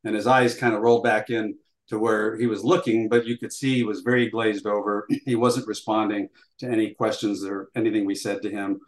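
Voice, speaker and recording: A man's voice: lowish voice, flat delivery, a little fast. An older man recounting a story as an interview guest, acting out dialogue as he goes, with frequent fillers. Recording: roomy echo.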